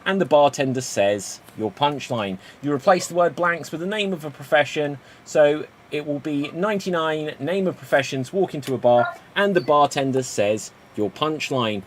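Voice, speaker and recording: A man's voice: a little high, animated, moderate pace, slight background noise. A man hosting an improv comedy game, upbeat and calling on players by name. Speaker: improv host.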